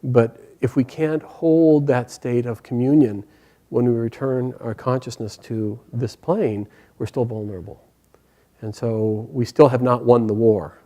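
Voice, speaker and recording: Gentle, hesitant male spiritual teacher. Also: mid-range voice, steady tone, a little slow. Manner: hesitant, gentle, many fillers. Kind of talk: storytelling spiritual class.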